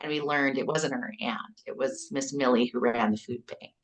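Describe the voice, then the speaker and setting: Middle-aged canadian woman, low gravelly voice, earnest kindergarten teacher telling stories, acts out quotes. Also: moderate pace. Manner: earnest, storytelling, acts out quotes with lively animation. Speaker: kindergarten teacher and author, guest. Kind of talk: conversational podcast interview.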